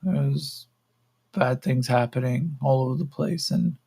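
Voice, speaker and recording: A man's voice: mid-range voice, measured pace, creaky, warm tone, husky, pitched above the performer's own voice. Man doing a meek, naive young juicer. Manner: hesitant, eager to please, trailing ums.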